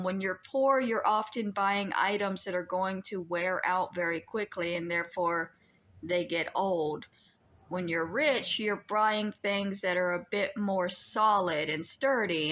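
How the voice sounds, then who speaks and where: A woman's voice: mid-range voice, a bit bright. A woman streamer giving casual, chatty, rambling commentary while reacting to an old TV episode.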